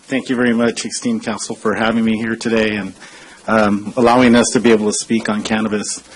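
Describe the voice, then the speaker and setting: A man's voice: fairly low pitch, flat delivery, a little fast, a little hiss or hum, rough recording. A man in his forties giving an earnest public comment speech at a council chamber podium, conversational and full of hesitations. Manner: conversational and earnest, frequent uh fillers. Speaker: consultant speaking at public comment.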